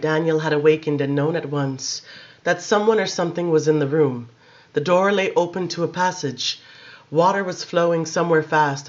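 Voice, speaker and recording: A man narrating a novel aloud in a measured, dramatic reading. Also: fairly high pitch, dull audio. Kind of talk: audiobook narration.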